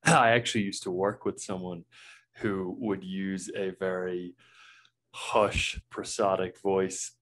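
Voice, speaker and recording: A man with a fairly low voice interviews a guest in relaxed conversation. He talks casually and sometimes repeats his first words before finishing a thought. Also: slow.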